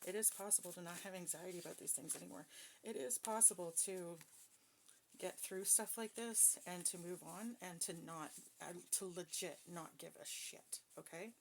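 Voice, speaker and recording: A woman's voice: on the low side, normal speed, vocal fry, slight background noise. A woman who is a psychic reader, talking casually and bluntly to her viewers, with plenty of swearing and emphasis. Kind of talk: casual personal talk to viewers.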